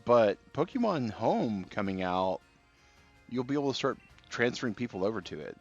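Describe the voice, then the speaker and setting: A man streaming a video game and chatting casually with viewers, relaxed and rambling, with many fillers and restarts. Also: mid-range voice, moderate pace. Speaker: gaming livestreamer. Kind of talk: casual live-stream chat while playing. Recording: slightly dull stream audio with faint game music.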